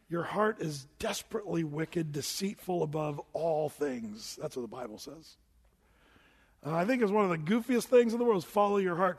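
Animated older male preacher in a reverberant hall. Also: sits high. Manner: conversational preaching, animated, mimics voices for effect. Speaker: pastor. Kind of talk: sermon.

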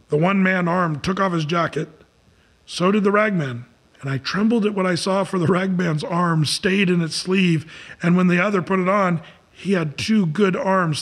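A man telling a story aloud in an earnest way, with small slips and restarts along the way. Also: a little high.

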